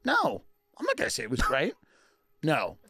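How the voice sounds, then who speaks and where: A man playing a smooth-talking defense attorney pleading with a jury in a persuasive, measured way. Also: a little high, wildly swooping pitch, pushed and bright, no room sound, studio quality, full character voice.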